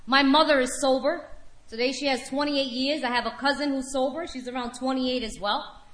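A woman's voice: high voice, steady tone, moderate pace, fairly bright tone, roomy sound. A woman giving a candid personal share at a recovery meeting, telling her story frankly and with wry humor to a room of listeners.

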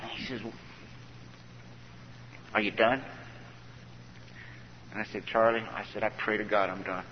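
A man's voice: on the low side, slight background noise. A man telling his personal recovery story from a conference stage, folksy, often acting out what other people said to him. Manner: folksy storyteller who acts out quoted dialogue. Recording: dull echoey hall recording.

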